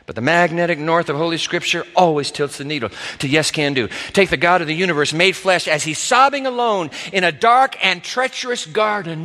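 A man's voice: sits high, normal speed, few pauses, pushed and bright. A male pastor preaching a dramatic sermon in a church, acting out the voices he quotes. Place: church sanctuary. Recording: reverberant hall.

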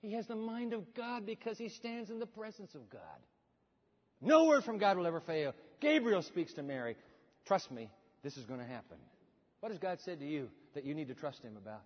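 A male pastor preaching a sermon, retelling scripture in an animated way and asking the congregation questions. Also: sits high, moderate pace. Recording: dull sound with long hall reverb.

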